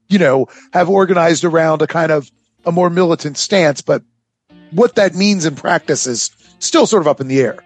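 A man hosting a podcast, telling a history story in a casual, halting way full of fillers and restarts. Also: high-pitched, slightly rough, dry recording.

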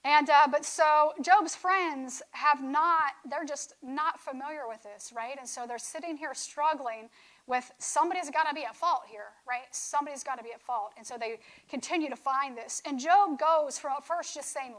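A woman with a high, fairly bright voice teaches from scripture at a moderate pace, in a conversational sermon style. She keeps checking in with her listeners by asking "right?" The recording quality is low.

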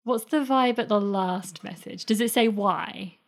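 A woman's voice: medium pitch, measured pace. A woman playing a character in a tabletop game, talking casually and a little hesitantly. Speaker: player. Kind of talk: tabletop role-play chat.

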